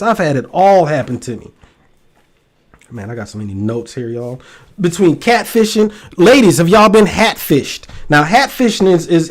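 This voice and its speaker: Joking American man with a drawl. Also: a little high. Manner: joking, animated, talks straight to viewers. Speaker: host. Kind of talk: casual livestream chat.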